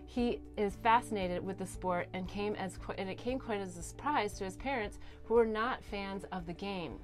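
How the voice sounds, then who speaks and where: A woman hosting a talk show, telling a story to her guest with eager energy and sometimes sinking to a soft hush for heartfelt points. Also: mid-range voice, moderate pace, soft background music. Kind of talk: animated interview storytelling. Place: recording studio.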